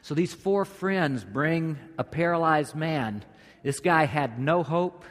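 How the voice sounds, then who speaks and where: A pastor preaching a sermon, telling the story vividly, jumping to loud bursts and dropping to quiet asides. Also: male voice, a little high, animated, takes it slowly. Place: church sanctuary during a service. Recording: long reverb of a large hall.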